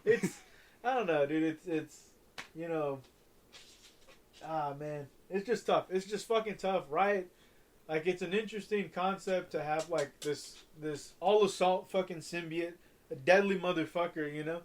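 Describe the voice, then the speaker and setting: A man's voice: a little high, slight background noise. A young man from Southern California, co-hosting a podcast, rambling with restarts and heavy swearing. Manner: rambling, profane, halting restarts. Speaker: podcast co-host. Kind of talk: casual chat.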